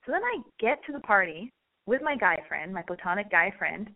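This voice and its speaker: A woman chats through an animated anecdote and speaks straight to her listeners, exasperated as she acts out each quote. Her voice sits at an ordinary middle pitch. It comes through a thin, phone-like line. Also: brisk. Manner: chatty, addresses listeners directly. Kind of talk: casual anecdotal storytelling.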